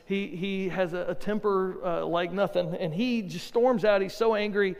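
A male pastor preaching a sermon, retelling a story in a lively way and acting out the characters. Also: high-pitched, moderate pace, clean tone. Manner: lively storytelling with acted voices. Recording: long hall reverb.

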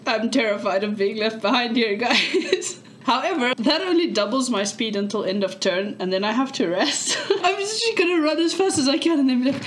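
A woman playing a tabletop game, talking in a giggly, animated way. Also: on the high side, moderate pace, hardly any pauses. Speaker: player. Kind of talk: casual tabletop game chat.

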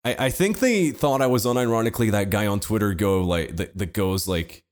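A man's voice: on the low side, lively intonation, a little fast. A young man telling a story in casual chat, rambling with restarts, swearing and laughing as he goes.

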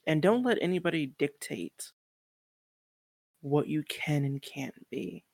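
A woman's voice: deep voice, expressive, unhurried, darkish tone, no echo. A woman speaking as a guest on a podcast interview, earnest and encouraging, with some casual swearing.

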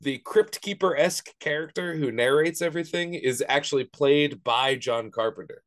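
A man co-hosting a podcast in casual chat, easygoing and agreeable, throwing in quick jokes. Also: on the high side. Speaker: podcast co-host.

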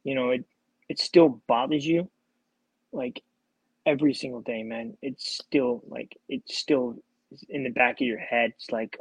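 A man, a guest who is a former Marine recruiter, speaking haltingly in a casual chat and often repeating himself. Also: medium pitch, animated, vocal fry, husky, no echo, poor audio.

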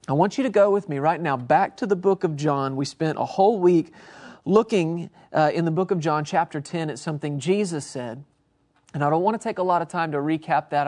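A man's voice: on the high side, a little mellow. A man hosting a Christian broadcast, preaching earnestly and emphatically with repeated phrases. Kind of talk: televangelist sermon.

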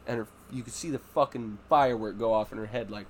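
A man's voice: fairly low pitch, fast, few pauses. A man chatting casually as a podcast host, peppering his stories with swearing. He slips into his children's voices when retelling moments with them. A faint hiss sits under the recording. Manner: swears a lot, acts out his kids' voices. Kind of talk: casual chat.

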